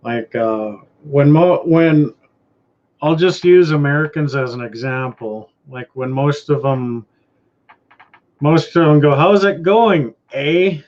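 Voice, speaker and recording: Canadian male host, unhurried and rambling, mid-pitched voice, muffled lo-fi recording. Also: a little mellow. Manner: rambling, laid-back, trails off and restarts. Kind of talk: casual live-stream chat. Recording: dull lo-fi stream audio.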